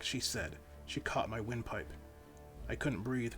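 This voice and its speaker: A man's voice: medium pitch, animated, moderate pace, faint music behind. A man reading his own novel aloud in first-person audiobook narration, with dramatic storytelling.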